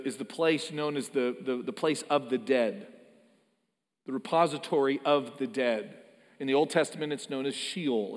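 A man preaching a sermon, earnest and emphatic, often repeating words as he builds a point. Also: fairly high pitch. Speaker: pastor. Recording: long hall reverb.

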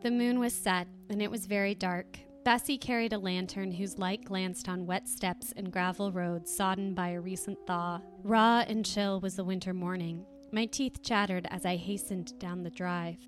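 A woman podcast host reading a classic novel aloud in a steady, even way, with light asides. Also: medium pitch, normal speed, hardly any pauses, faint music behind.

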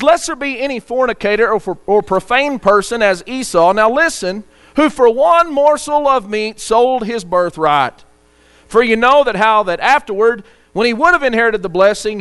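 High-voiced preaching man, earnest. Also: fairly bright tone, smooth. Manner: earnest, preaching with scripture readings. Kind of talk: sermon.

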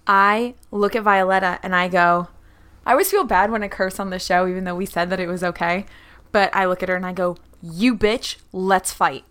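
A woman plays in a tabletop role-playing game, talking casually with the game master. She thinks aloud, checks rules and lays out her moves. Her voice sits at an ordinary pitch for a woman. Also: fairly even intonation, a little fast, fairly bright tone, clean tone. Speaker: player.

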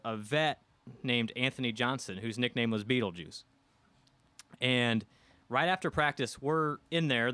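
A man's voice: medium pitch, clean tone, no room sound. A man from the American Midwest, a guest telling a casual anecdote on a podcast, acting out quotes from the people in it. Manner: animated, acts out quotes from the people in his story. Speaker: guest storyteller.

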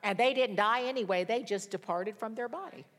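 A woman delivers a sermon in a fairly high voice. She speaks in emphatic, declarative phrases and mixes in humorous stories. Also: brisk. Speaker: preacher.

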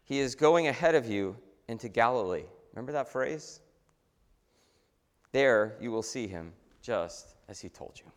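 Man, mid-pitched pastor, casual and animated sermon delivery, long church reverb. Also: measured pace. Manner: conversational, animated preaching with restarts. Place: church sanctuary.

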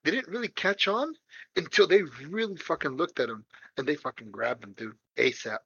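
A man's voice: on the high side, expressive, moderate pace, fairly bright tone, slightly rough, dry recording. A man co-hosting a casual podcast chat, laid-back and profane, laughing easily, on a dull lo-fi recording. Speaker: podcast co-host. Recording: dull lo-fi sound.

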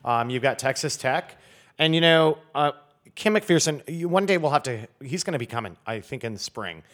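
A man's voice: mid-range voice, expressive, normal speed, fairly bright tone. A man who is a guest wine expert, talking in a casual podcast chat and telling stories in a rambling way with many fillers. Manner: rambling, lots of fillers and restarts, storytelling.

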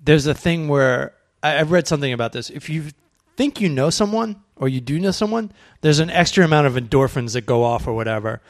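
A man's voice: a little high, lively intonation, brisk, no echo, studio quality. A man chatting casually as a podcast guest, joking and riffing on movie trivia.

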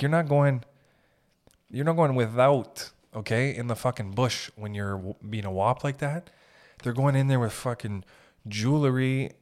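Stuffy-nosed man rambling and swearing. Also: mid-range voice. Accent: Canadian. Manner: rambling, profane, jokey. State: stuffy nose. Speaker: podcast host. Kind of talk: casual comedic monologue.

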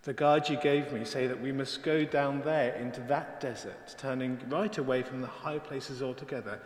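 A man's voice: mid-range voice, moderate pace, natural voice. A man reading a storybook aloud, voicing a frightened young female deer who pleads desperately. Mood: pleading. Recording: echoey church hall.

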